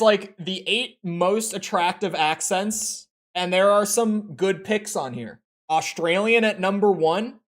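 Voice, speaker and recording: A young man with an American Midwestern accent chatting casually on a live game stream, opinionated and rambling. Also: sits high. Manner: opinionated, animated, rambling with restarts.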